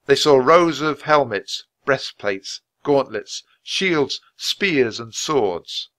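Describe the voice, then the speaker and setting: A man reading a children's chapter book aloud at a natural, clear pace. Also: medium pitch, animated, slow pace, a bit bright. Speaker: storybook reader.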